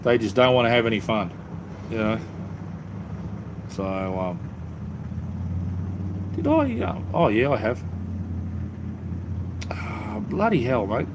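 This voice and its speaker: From the cleared-out space under his house, a middle-aged Australian man runs a relaxed, rambling livestream full of ums. His medium-pitched voice swings widely in pitch, moves slowly with long pauses, and has background noise behind it.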